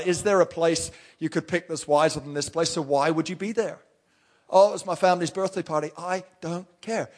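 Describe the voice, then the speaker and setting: A male pastor with a high voice delivers a sermon from the pulpit. He talks straight at his congregation, pressing his points with emphatic, blunt rhetorical questions.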